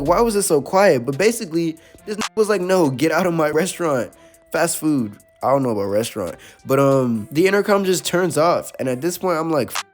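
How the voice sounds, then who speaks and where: A young man hosting a storytime channel, telling a story in casual, slangy speech with laughs and animated asides. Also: on the high side. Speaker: storytime host.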